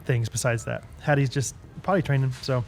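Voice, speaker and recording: A young man co-hosting a podcast in casual chat, laughing often and telling animated stories. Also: mid-range voice, a little fast, creaky, faint music behind. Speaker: podcast co-host.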